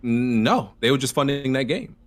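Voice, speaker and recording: Insistent man arguing back, lively pitch. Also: moderate pace, a crowd in the background. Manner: argumentative, insistent, pushes back with repeated "bro". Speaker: guest debating on a stream. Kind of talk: casual argument.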